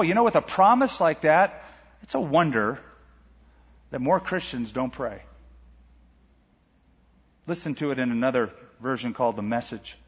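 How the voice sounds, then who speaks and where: Husky male pastor preaching in a hall. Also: fairly high pitch. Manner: animated preaching, rhetorical questions, reads scripture aloud. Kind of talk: sermon. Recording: lo-fi church recording with long hall reverb.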